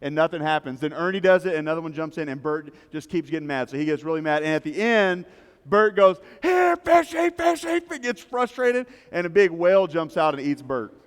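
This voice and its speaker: A man's voice: fairly high pitch, fast, clear, resonant tone, long reverb tail. A male pastor preaching a sermon, emphatic and repetitive, telling stories to make his points. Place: church service in a large rented hall.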